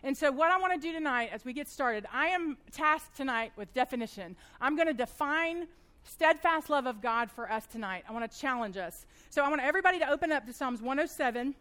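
A woman in her thirties teaching a church Bible study, fast-talking and animated as she tells stories to a live group. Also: sits high.

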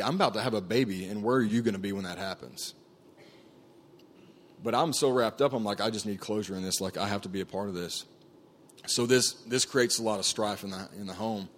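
A man telling his personal testimony to a group in an earnest, conversational way, with frequent fillers and restarts. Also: medium pitch. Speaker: camp staff speaker sharing his testimony.

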